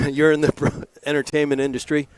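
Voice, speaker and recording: A man's voice: fairly high pitch, monotone, fairly quick, a little mellow, clean tone, no echo. Chatty, earnest male color commentator. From Maryland. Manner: chatty and earnest, with frequent fillers and rambling asides. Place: press booth at a lacrosse game.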